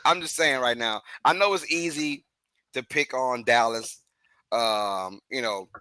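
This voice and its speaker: A man co-hosting a casual sports podcast, animated and laughing, sometimes rising to shouts when riled up. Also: medium pitch, measured pace, smooth, no echo. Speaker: podcast co-host.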